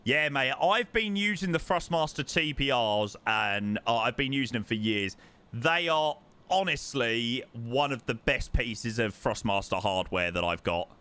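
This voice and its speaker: A man's voice: mid-range voice, expressive, measured pace, pushed and bright, clear, resonant tone. A young man chatting casually to his live-stream chat while flying a simulator, repeating words for emphasis. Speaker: livestreamer.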